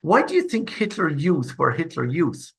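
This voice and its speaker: A man's voice: on the high side, big pitch swings, normal speed, vocal fry, a bit bright, poor audio. A man, speaking as a guest expert in an interview, talking passionately and repeating words for emphasis. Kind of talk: conversational interview.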